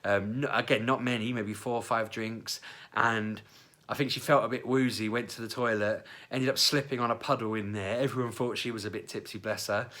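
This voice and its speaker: A man's voice: fairly even intonation, fairly quick, sharp tone. A young British man telling funny stories about himself in a casual vlog, acting out what people said with big jumps in his voice. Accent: British English. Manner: chatty, self-mocking, acts out quotes with big pitch jumps. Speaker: vlogger. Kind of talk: casual storytelling.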